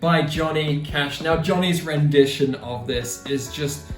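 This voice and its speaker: A chatty man hosts a music vlog, talking enthusiastically in a slightly high voice. He sounds roomy and far from the mic. Faint music plays underneath. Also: a little slow. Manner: enthusiastic, chatty, playful asides. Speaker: YouTube music channel host. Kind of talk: casual opinion vlog. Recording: roomy echo, distant mic, music behind.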